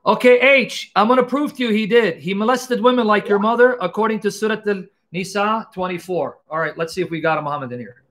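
A man hosting a live call-in debate stream, taunting and mocking his callers loudly. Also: high-pitched, a little fast, few pauses.

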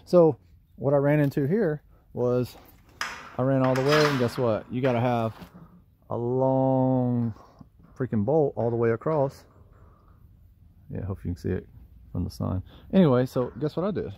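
A little slow and creaky, with long pauses, this man's mid-range, slightly mellow voice has a Southern US accent. A lawn care business owner, he walks through a DIY project outdoors by his trailer for a casual how-to vlog, rambling in a folksy, self-deprecating style. The camera-mic audio carries slight background noise.

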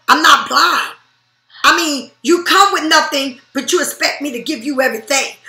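A woman's voice: sits high, bright, forceful tone, reverberant. A woman reading tarot cards in a blunt, profane, emphatic way. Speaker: tarot reader.

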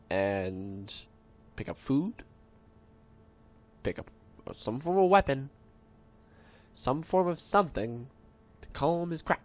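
A young man commentating on his own gameplay in an excitable, self-mocking way, muttering to himself between outbursts. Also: mid-range voice, muffled recording. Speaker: let's play gamer. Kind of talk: let's play commentary. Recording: game music playing behind.

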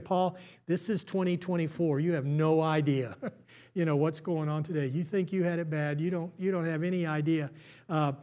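High-voiced American man preaching a sermon. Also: darkish tone. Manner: conversational, many restarts and stammers. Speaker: pastor.

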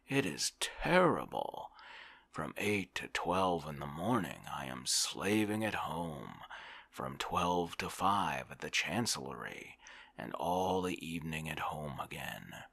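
Man whispering as a harried civil servant, deep husky voice, complaining, whispered role-play. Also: sing-song, slow, fairly bright tone, no echo, full character voice.

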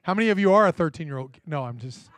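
A man's voice: a little high, animated, rapid-fire, fairly bright tone. A man, a pastor, giving a sermon in a conversational storytelling way and often checking in with the congregation. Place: church.

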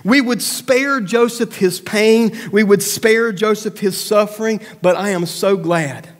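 Male pastor, high voice, animated sermon delivery, reverberant church hall. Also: a little slow. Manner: animated preaching, acts out voices of doubt and prayer; drops to a soft, low voice for serious points. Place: church sanctuary.

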